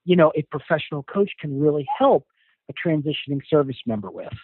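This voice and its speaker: A man's voice: fairly high pitch, animated, a little fast, no echo. A man speaking as a guest coach in an interview, explaining with earnest, thoughtful care. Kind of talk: casual interview. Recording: dry tinny phone line.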